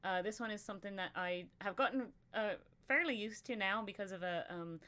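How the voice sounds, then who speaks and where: A woman hosts a casual chat, rambling and giggly, with plenty of ums and uhs. Her voice sounds bright and crisp, at an everyday middle pitch. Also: fairly quick. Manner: rambling, giggly, lots of fillers. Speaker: podcast host.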